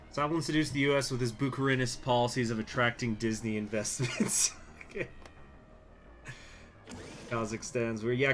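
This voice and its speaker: A man's voice: mid-range voice, a bit bright. A man hosting a strategy game playthrough, mumbling asides and reading the game's event text aloud in a casual way. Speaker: gaming channel host.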